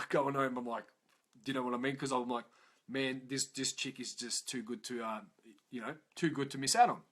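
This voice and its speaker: A middle-aged man with an Australian accent telling a personal story in a rambling, animated way, swearing freely. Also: a little high. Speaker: speaker telling his life story. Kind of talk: casual storytelling.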